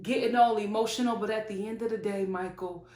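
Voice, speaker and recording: A woman's voice: mid-range voice, steady tone, a little fast, a little mellow. A woman giving blunt, emphatic, casual commentary on a reality show, speaking straight to its cast in colloquial terms. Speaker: reality TV reviewer. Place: home filming setup with studio lights. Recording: roomy echo.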